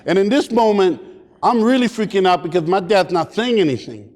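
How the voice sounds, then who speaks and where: High-voiced man telling a funny story. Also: fairly quick. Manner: animated, playful, acts out scenes. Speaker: keynote speaker. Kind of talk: comedic motivational storytelling. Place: large hall at a community summit. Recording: long hall reverb.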